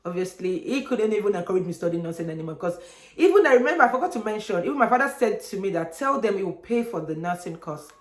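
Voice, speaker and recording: A young woman, telling a personal story on her vlog in an animated way and acting out other people's voices. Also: medium pitch, fast talker. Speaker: vlogger. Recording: echoey room.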